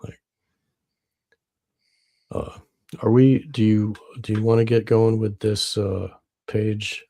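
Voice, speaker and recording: A man's voice: on the low side, flat delivery, slow, vocal fry, long pauses, mellow. A man on a remote call, mostly agreeing with the others through brief interjections. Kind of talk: casual conspiracy discussion. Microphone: remote call mic.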